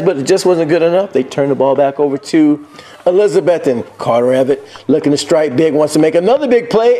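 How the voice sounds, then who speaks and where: A man giving excited, jokey play-by-play over football highlight footage, whooping at big plays.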